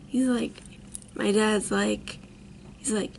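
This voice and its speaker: Slow, gravelly-voiced woman telling a story. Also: medium pitch, fairly even intonation, a little hiss or hum. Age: 30s. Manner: rambling, full of "like" fillers. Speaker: vlogger. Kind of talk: storytime monologue.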